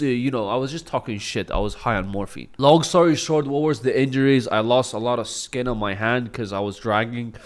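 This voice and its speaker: A man's voice: mid-range voice, fairly quick, few pauses. A young man casually telling a storytime vlog, joking and swearing as he talks. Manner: laid-back, swears, jokes and self-deprecates. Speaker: vlogger.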